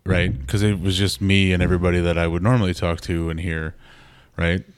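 A man's voice: sits low, little pitch movement, brisk, clean tone, dry recording. A man from the Twin Cities with a Minnesotan accent, hosting a podcast in a wry, teasing casual chat. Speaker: podcast host.

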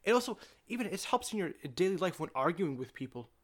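A young man from Palestine talks as a podcast guest. His voice sits a little high, and he argues in a heated, profane, argumentative way. The feel is loose, casual conversation. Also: sing-song, fast talker.

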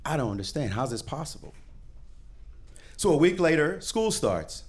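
A man from Jamaica telling a personal story on stage to a live audience, animated and acting out the people in it. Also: on the high side, moderate pace. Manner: animated, acts out the voices of the people in his story.

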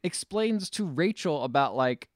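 A man's voice: on the high side, expressive, a little slow, no room sound, clean studio sound. A man on a podcast casually recapping a movie plot, rambling, joking and correcting himself as he goes. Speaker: podcast co-host.

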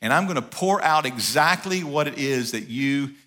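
A man preaching a sermon as pastor, in an animated, conversational style with acted asides. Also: medium pitch, moderate pace.

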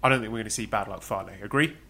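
A man co-hosting a casual podcast, going through names methodically in a measured way. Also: lowish voice, sharp tone. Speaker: podcast co-host. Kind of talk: casual podcast chat about wrestling.

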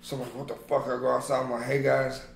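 Gravelly-voiced man telling profane stories. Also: mid-range voice, quick pace. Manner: profane, animated storyteller. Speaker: podcast co-host. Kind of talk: casual chat among friends. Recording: roomy echo.

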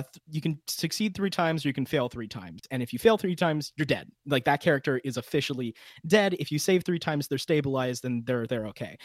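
A man's voice: mid-range voice, dry recording. Chatty young man, dry close sound. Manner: chatty, laughing, many restarts. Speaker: podcast guest, game master. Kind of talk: casual chat.

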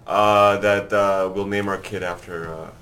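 A man's voice: low-pitched, fairly even intonation, unhurried, sharp tone, slight background noise. A young man hosting a casual podcast chat, joking and crude. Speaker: podcast host.

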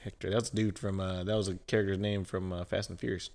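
A man's voice: deep voice, level tone, quick pace, a little mellow. A man hosting a casual podcast chat, laid-back and laughing a lot. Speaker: podcast host.

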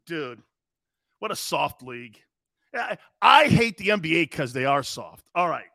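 Loud mocking sports radio guy, high sharp voice. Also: dry recording, studio quality. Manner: brash, mocking, emphatic. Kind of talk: opinionated sports talk monologue.

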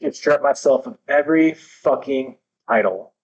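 Male podcast guest, mid pitch, fervent and profane motivational talk. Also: measured pace, dull audio. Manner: intense, emphatic, heavy swearing.

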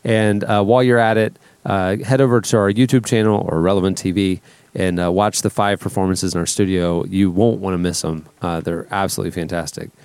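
A man's voice: low voice, steady tone, fairly quick, darkish tone, clear, resonant tone, no echo. A man hosting a casual podcast, running segments and plugs in an easygoing way on a studio mic. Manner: easygoing, with plugs and audience call-outs. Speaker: podcast host.

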